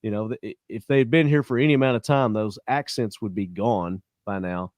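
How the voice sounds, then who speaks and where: A man's voice: on the low side, brisk, darkish tone, dry recording, studio quality. Blunt profane male podcast host. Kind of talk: casual podcast chat.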